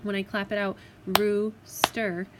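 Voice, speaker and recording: A woman teacher giving a recorded spelling lesson to children, patient and clear, sounding out words syllable by syllable. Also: medium pitch, steady tone, measured pace, heavy background noise. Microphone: tablet microphone.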